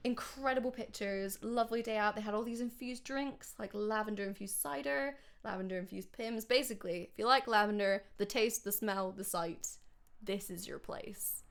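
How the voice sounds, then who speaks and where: A woman's voice: mid-range voice, moderate pace, gravelly. A young woman co-hosting a podcast, chatting casually and gushing, laughing often. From Scotland. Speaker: podcast co-host. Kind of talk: casual chat.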